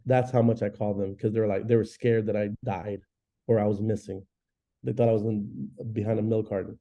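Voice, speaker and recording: A man in his forties, a real estate agent teaching a class in an energetic, chatty way, often acting out phone calls. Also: fairly low pitch, fairly quick. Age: 40s. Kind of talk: live training class talk. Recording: dull lo-fi recording.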